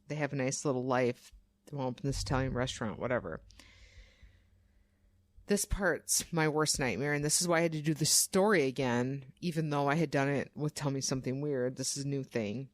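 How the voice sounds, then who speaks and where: Woman, young adult, low voice, dry close sound; casual, animated storyteller who swears. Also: dry recording. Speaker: podcast co-host. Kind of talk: casual true crime storytelling.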